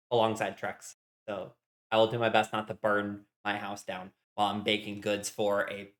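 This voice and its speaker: A man's voice: mid-range voice, a bit bright. A young man streaming casually from his home kitchen while he bakes, rambling cheerfully and greeting his chat with strings of hellos.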